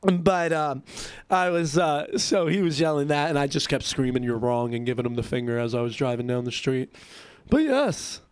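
High-voiced man on a profane rant. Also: clear, resonant tone, no echo. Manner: profane, heated and animated; quick, punchy delivery. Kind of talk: casual storytelling rant.

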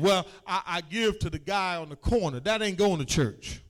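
A male pastor preaching a sermon in a call-and-response style, building from spoken lines to shouted, sung-out phrases. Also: high-pitched, moderate pace, hardly any pauses.

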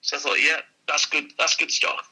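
A man's voice: on the high side, moderate pace, slightly rough, rough recording. A man, a used car dealer, telling a casual anecdote and acting out the people in it. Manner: lively, acts out the people in his stories.

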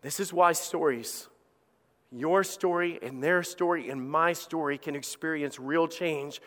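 A man's voice: fairly high pitch, unhurried, fairly bright tone. A middle-aged male pastor preaching an impassioned sermon, acting out the voices of his listeners. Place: church auditorium. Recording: long reverb of a large hall.

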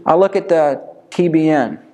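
A man with a slightly raised pitch teaches a small Bible study group in an easy, conversational way. He poses rhetorical questions one after another and answers them himself, as a teacher talking with his class. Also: normal speed, mellow. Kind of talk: informal Bible study lesson.

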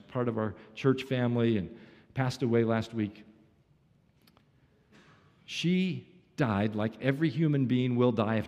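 A man's voice: mid-range voice, darkish tone. A man pastor giving an earnest, emphatic sermon to his congregation, asking rhetorical questions as he preaches. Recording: long reverb in a large hall.

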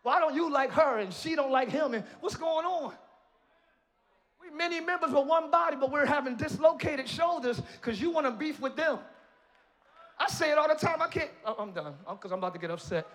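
A man preaching a sermon as pastor, moving between quiet asides and loud, rising shouts, with playful jokes to the congregation. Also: very high-pitched, lively intonation, brisk. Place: church sanctuary.

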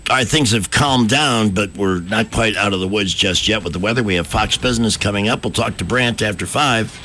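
A man's voice: on the low side, a little fast, bright, forceful tone, a little hiss or hum. A man hosting live radio, chatting in an easygoing, joking way. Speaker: radio host. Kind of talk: casual live radio chat.

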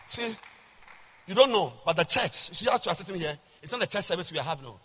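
A man, a bishop, preaching a sermon to a large congregation, emphatic and rhetorical, swinging from quiet asides to shouts. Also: high-pitched, expressive, fast talker. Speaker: bishop and pastor. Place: large church hall. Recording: reverberant church hall.

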